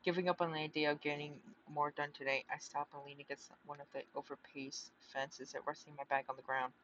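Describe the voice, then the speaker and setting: A man's voice: fairly high pitch, flat delivery, fast, fairly bright tone, lo-fi sound, a little hiss or hum. A man reading a visual novel aloud, often stumbling and restarting, with chatty asides.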